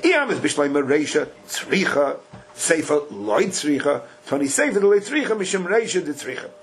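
A man with a fairly high voice gives a Talmud class. He chants the text and then breaks it down in casual, emphatic English, pushing his points with rhetorical questions. A faint hiss sits under the voice. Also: very animated, moderate pace. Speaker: Talmud teacher.

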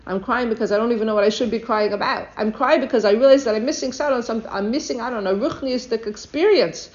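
A woman's voice: on the high side, fast talker, lightly acted. A woman voicing a young secular male soldier who is earnestly searching for why he feels moved, on a dull lo-fi recording.

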